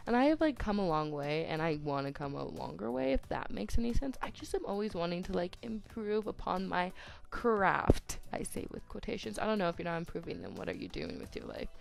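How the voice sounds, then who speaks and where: Chatty teen girl with a gravelly edge. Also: lowish voice, sing-song, brisk. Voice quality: voice cracks, soft-spoken. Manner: chatty, self-deprecating, lots of "like", tongue-tied restarts. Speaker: YouTuber. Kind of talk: rambling voice-over chat during a speed build. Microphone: home desk microphone.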